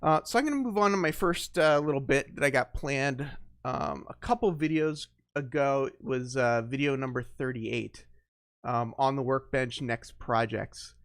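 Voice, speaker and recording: A man hosting his first live stream, chatting off the cuff, greeting viewers one by one and often pausing on fillers. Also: medium pitch, fairly bright tone, dry recording, studio quality. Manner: unscripted, greets viewers by name, halting with fillers. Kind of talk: casual live stream chat.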